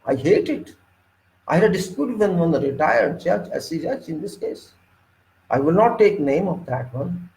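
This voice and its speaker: A man's voice: animated, moderate pace, vocal fry, darkish tone. Indignant Indian-accented man lecturing. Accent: Indian English. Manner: emphatic, indignant, swings sharply up in pitch. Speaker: engineering consultant lecturing. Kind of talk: informal lecture. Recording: echoey room.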